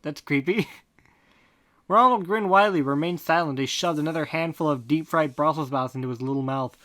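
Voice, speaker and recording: A podcast host reading fan fiction aloud in a deadpan tone, breaking off for snarky comments. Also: mid-range voice, normal speed. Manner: deadpan reading broken by snarky asides and laughter. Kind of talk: comic fanfic reading with asides.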